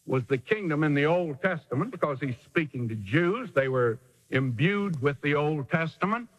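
A man's voice: on the high side, a bit bright, in a large hall, poor audio. A man preacher delivering a sermon in an emphatic, dramatic way with sudden swings in delivery.

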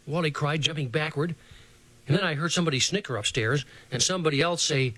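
A man narrating a children's storybook in an expressive, playful way. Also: on the high side, fairly quick, no room sound. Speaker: audiobook narrator.

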